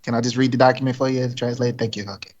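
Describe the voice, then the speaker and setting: A man's voice: medium pitch, level tone, rapid-fire. A man at a tabletop game talks casually and cracks jokes, slipping in and out of his character. His voice comes through muffled and a little lo-fi. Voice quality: joking, chuckling asides. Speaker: player. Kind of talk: casual tabletop role-play. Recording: muffled lo-fi recording.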